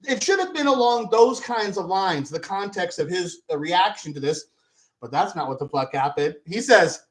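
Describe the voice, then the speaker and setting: A man's voice: high voice, expressive, normal speed, poor audio. A man hosting a vlog who rants angrily and profanely, repeating himself as he argues. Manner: angry, profane, repetitive ranting. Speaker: video host. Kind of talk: profane ranting vlog commentary.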